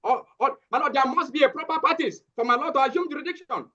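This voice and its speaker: A man's voice: very high voice, quick pace, bright, forceful tone. A man, a lawyer indignantly objecting in court. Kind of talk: courtroom proceedings. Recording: dull lo-fi sound.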